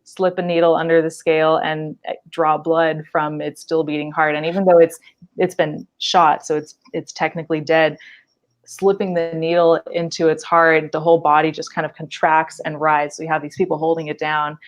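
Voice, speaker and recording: In a relaxed podcast chat, a young woman who works as a wildlife biologist recounts a lively story full of "like" and brief bursts of laughter. Her voice is low-pitched.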